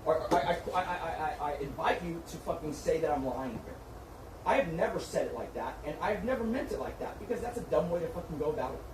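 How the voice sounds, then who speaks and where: A man's voice: fairly high pitch, lively intonation, fast talker. A man in a heated argument, lecturing and swearing as he insists on his own point. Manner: berating, profane, lecturing. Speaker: streamer's manager. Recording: echoey room from far off, faint noise.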